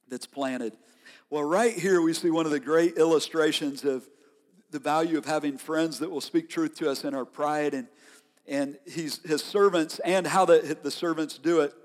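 A male pastor delivers a sermon in a conversational, animated storytelling manner. His voice sits a little high for a man. A long hall reverb trails behind every line.

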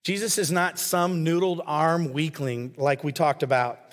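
In a large hall with long, ringing reverb, a pastor with a somewhat high male voice delivers his sermon unhurriedly and in a steady tone. He is earnest yet conversational, taking on the voices of those he quotes.

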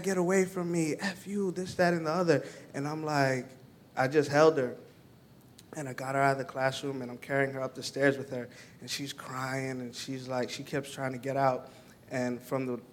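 Halting young man, flat tone. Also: medium pitch, slight background noise. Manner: halting, full of "um" and "like". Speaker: church member giving a testimony. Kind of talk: personal testimony to a church group.

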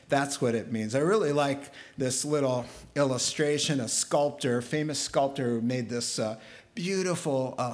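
A man preaching a sermon to his church in a lively, humorous, conversational way, getting fired up as he goes. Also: medium pitch. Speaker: pastor.

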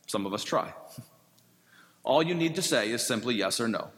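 A man preaching a sermon in a conversational, gently humorous way. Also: medium pitch, animated, normal speed, long pauses. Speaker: pastor. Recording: long reverb.

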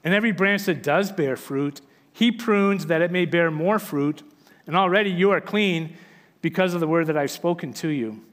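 A man with a notably high voice preaches in a church sanctuary, reading scripture and then unpacking it. His delivery is earnest and emphatic, rising and falling for stress. The sound carries a long, hall-like reverb. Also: normal speed, a bit bright. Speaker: pastor.

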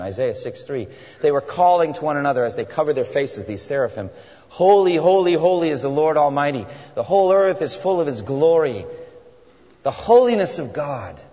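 A man preaching a sermon in an earnest, reflective way, slowing down to stress key phrases. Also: mid-range voice, a little mellow, husky. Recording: dull recording with long reverb in a hall.

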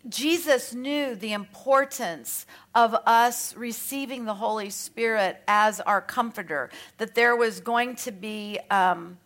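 A woman's voice: a little high, slow pace, few pauses, fairly bright tone. A woman with an Australian accent teaching on scripture in a chatty, conversational way, with light self-mocking asides. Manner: reads scripture aloud between remarks. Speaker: Bible teacher.

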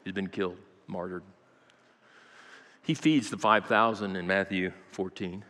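A man preaching a sermon in a church, telling a story with dramatic rises and joking asides to the congregation. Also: fairly low pitch. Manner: dramatic storytelling with acted quotes, rising to loud peaks. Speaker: pastor. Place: church sanctuary. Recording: long reverb of a large church.

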